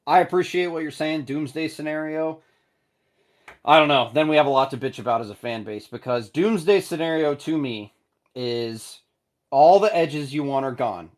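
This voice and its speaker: A man hosting a casual live call-in fan show, talking in an animated, blunt way with some swearing. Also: a little high, moderate pace.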